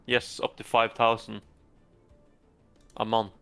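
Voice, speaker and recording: A man's voice: lowish voice, completely flat delivery, slow, gravelly, a bit bright, faint music behind. A man in voice chat explaining game strategy, thinking aloud with filler words. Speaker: player. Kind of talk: casual gaming chat.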